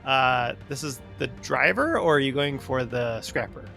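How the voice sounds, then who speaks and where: A man's voice: medium pitch, expressive, moderate pace, vocal fry, pushed and bright, faint music behind. A man running a tabletop game as dungeon master, narrating loosely with restarts and laughs.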